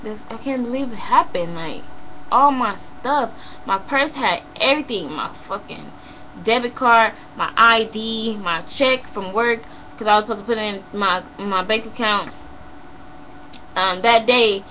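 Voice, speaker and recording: A young woman vlogger telling a personal story in a blunt, animated way, swearing freely and saying "you know" a lot. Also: on the high side, unhurried, a little hiss or hum, poor audio. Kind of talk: casual emotional storytelling.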